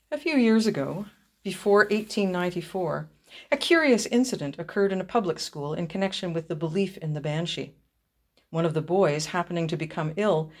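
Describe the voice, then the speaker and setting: A woman reading a ghost story aloud in a measured, expressive storytelling manner. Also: medium pitch. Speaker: reader.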